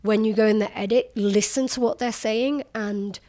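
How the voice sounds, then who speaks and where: A young woman journalist talking candidly in an interview, animated and quick to laugh, acting out remarks she has heard. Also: medium pitch. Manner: animated, laughs often, acts out quoted remarks. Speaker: journalist guest.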